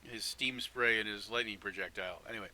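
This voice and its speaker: A man's voice: lowish voice, a little fast, sharp tone. A man running a tabletop game as game master, easygoing and laughing often while tallying damage. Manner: easygoing, laughs often, tallies numbers aloud.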